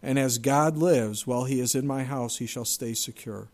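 A man's voice: mid-range voice, normal speed, lightly acted. Steadfast grieving chieftain, older man, solemn and resolute, read by a preacher in his own voice. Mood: solemn resolve. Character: proud old Highland chieftain, grieving but steadfast.

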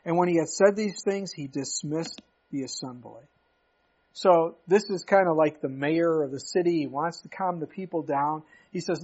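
Husky high-voiced preacher. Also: male voice, normal speed, darkish tone, lo-fi sound. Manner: conversational, emphatic, asks rhetorical questions. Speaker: pastor. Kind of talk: expository sermon.

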